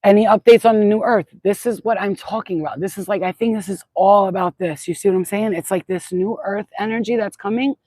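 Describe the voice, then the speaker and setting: A woman's voice: medium pitch, steady tone, brisk, few pauses, dark tone, no echo, poor audio. A middle-aged woman rambling in a casual livestream chat outdoors at sunset, swearing freely and repeating herself as she goes. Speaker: spiritual channel host.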